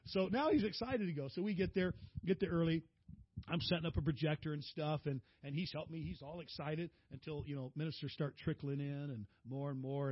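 A middle-aged preacher spins a folksy story from the pulpit, his husky voice lifting when he quotes others. The sound is dry and a little muffled. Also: a little high, no room sound. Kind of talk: storytelling sermon.

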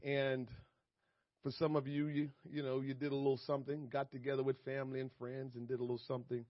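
A man's voice: medium pitch, completely flat delivery, fast, no room sound. A man preaching a sermon as pastor, emphatic and repetitive, chuckling between points, recorded dry and slightly muffled.

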